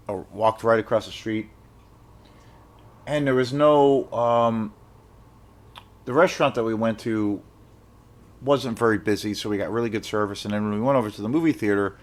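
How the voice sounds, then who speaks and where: A young man telling a rambling, animated story in a casual vlog, swearing when he gets excited. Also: on the low side. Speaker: film vlogger.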